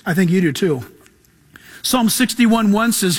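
Emphatic high-voiced male pastor preaching. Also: animated, measured pace, pauses often, husky. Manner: emphatic, swings between loud and hushed. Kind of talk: sermon.

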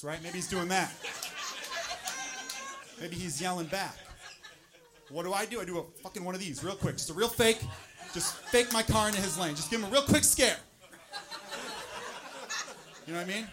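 A man's voice: high-pitched, fairly quick, pauses often, loud music behind the voice. A male stand-up comedian telling a profane, worked-up story on a club stage.

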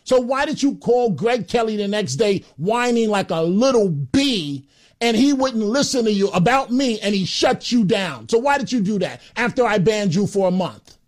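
A man with a high voice hosts a combative talk radio show. He speaks bluntly and with scorn. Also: expressive, moderate pace.

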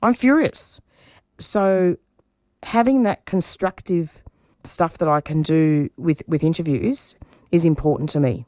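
A woman's voice: sits low, measured pace, warm tone, dry recording, studio quality. A middle-aged woman, a radio producer, speaking earnestly and emphatically as an interview guest, often restarting her phrases. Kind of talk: personal interview answers.

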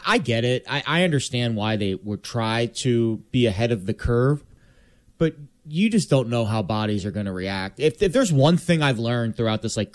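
A man with an ordinary middle-pitched voice who talks casually about sports, stopping and restarting often and reaching for playful comparisons along the way. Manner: rambling, hesitant, playful analogies.

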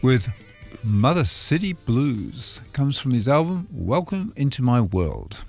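A man's voice: mid-range voice, very animated, slow pace, creaky, a little mellow, dry recording. Man, radio host, laid-back, dry humor, faint music behind. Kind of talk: casual radio chat. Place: radio studio.

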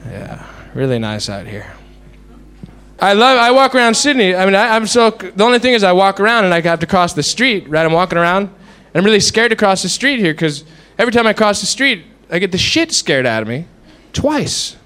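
A man's voice: high-pitched, sing-song, a little fast, a bit bright, smooth. A male stand-up comedian doing a wry, profane routine full of rambling asides on a live stage. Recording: noisy live stage recording.

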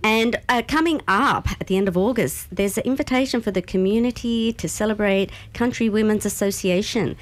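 A woman reading out local community events on the radio in a brisk announcing manner. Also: mid-range voice.

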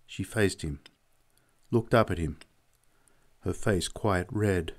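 A man narrating a story as an audiobook, in a measured, unhurried way. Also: low voice. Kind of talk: audiobook reading.

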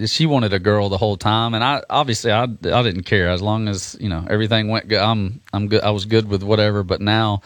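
Low-voiced man chatting as a radio guest. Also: a little fast, hardly any pauses, no echo. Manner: relaxed and rambling, with many restarts and fillers. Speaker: guest musician. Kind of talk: casual radio interview.

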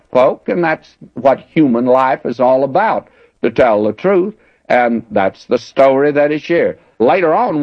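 A man's voice: medium pitch, no room sound. Folksy man teaching the Bible. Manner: folksy, conversational explaining. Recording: dull lo-fi dry recording.

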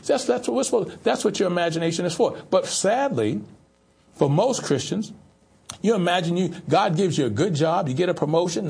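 A man's voice: fairly high pitch, a little mellow, breathy edge. A man preaching a sermon as pastor, repeating rhetorical questions in an insistent way.

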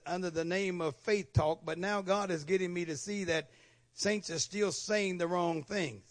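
A middle-aged male pastor preaching a sermon in church, with repeated call-and-response questions to the congregation. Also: high voice.

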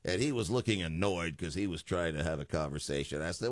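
A man's voice: deep voice, expressive, brisk, dry recording. A man in his fifties, a radio talk show host, telling a joking story in a studio.

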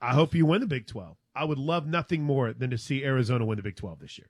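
A man's voice: medium pitch, fast, breathy edge, no room sound. A man co-hosting a casual sports talk show, upbeat and teasing.

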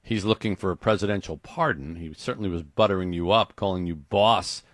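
A man hosting a comedy interview, asking brisk mock-serious questions. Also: deep voice, no room sound, clean studio sound. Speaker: radio host.

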